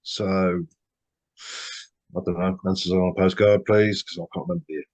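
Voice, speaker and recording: A man's voice: low-pitched, flat delivery, moderate pace, darkish tone. A man co-hosting a casual film podcast, laid-back, swearing casually and murmuring agreement. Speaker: podcast co-host.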